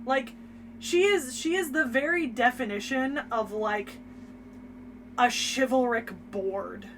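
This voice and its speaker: A young woman co-hosting a casual anime discussion, energetic and sassy, swearing freely. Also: high voice, slow pace, a little hiss or hum. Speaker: podcast co-host.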